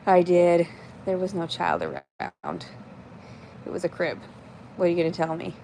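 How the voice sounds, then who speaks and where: A woman's voice: lowish voice, big pitch swings, normal speed, warm tone, slight background noise. A woman in her thirties livestreaming in casual chat, reading out comments and answering them in a blunt, profane, rambling way.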